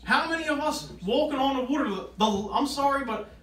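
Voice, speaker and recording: A man's voice: very high voice, brisk, a bit bright. A man preaching at an informal Bible study. He reads scripture aloud and grows emphatic as he explains it. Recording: echoey room, voice from far off, faint noise.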